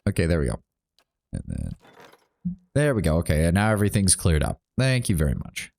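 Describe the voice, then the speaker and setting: Low-voiced man streaming a game. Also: wildly swooping pitch, brisk, creaky, darkish tone. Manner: chatty, reads game dialogue aloud. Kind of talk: casual game commentary.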